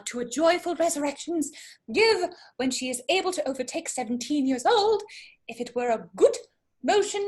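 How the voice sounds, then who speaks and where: A woman's voice: very high-pitched, heavily acted. A woman doing a fussy comic country parson. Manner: lively, breaks off laughing at her own accent. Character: comic fussy Welsh parson, middle-aged man. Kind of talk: casual amateur play reading.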